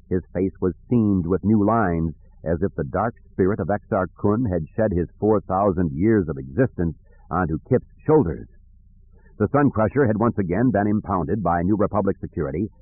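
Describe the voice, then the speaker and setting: A man narrating an audiobook in a measured, even storytelling manner. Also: sits low, dry recording. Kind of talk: scripted narration. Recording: dry tinny phone-like recording.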